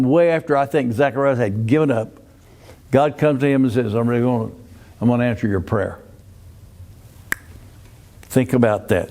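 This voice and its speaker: A man's voice: mid-range voice, a little mellow. An older man leads a Sunday school Bible class. He talks in a folksy, easygoing way, keeps asking the class questions, and often restarts his sentences.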